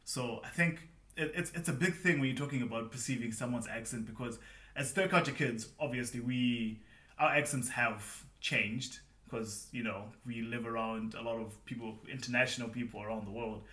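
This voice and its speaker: A man from Zimbabwe co-hosting a casual podcast, energetic and upbeat, laughing often. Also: mid-range voice, moderate pace, roomy sound. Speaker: podcast co-host.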